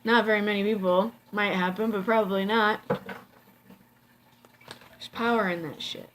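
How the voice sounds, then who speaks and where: A woman in the middle of a casual tarot reading, talking slowly at an ordinary pitch. She is blunt and profane, leaning on fillers as she thinks out loud. A faint background noise sits under the voice. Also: steady tone. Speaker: tarot reader.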